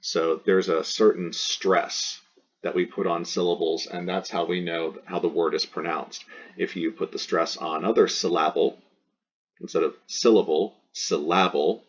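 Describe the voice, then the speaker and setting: A man with a very low, husky voice teaches a recorded lesson. He is patient and goes over each term and example more than once. The recording sounds dull and lo-fi. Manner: patient, repeats terms and examples slowly. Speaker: Latin teacher.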